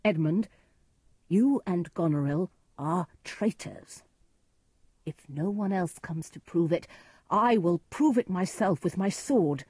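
A woman's voice: on the low side, expressive, slow pace, mellow, husky, no room sound, studio quality, exaggerated voice. A woman doing a stern, righteous nobleman.

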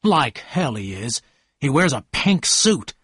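Male reader playing an angry rich husband, loud, curt, husky edge, storybook reading. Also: mid-range voice, very animated, unhurried, dry recording, studio quality, exaggerated voice. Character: man, wealthy, brusque and angry.

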